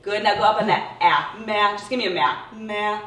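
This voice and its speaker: A woman speech therapist coaching voice exercises, encouraging and demonstrating words with exaggerated pitch glides. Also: steady tone, moderate pace, fairly bright tone, distant mic. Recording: roomy echo, a bit off-mic.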